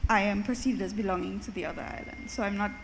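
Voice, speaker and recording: A woman's voice: mid-range voice, fairly even intonation, quick pace, noisy background. A woman from Jamaica and Trinidad asking a panel an earnest, personal question from the audience. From Caribbean, Jamaica and Trinidad.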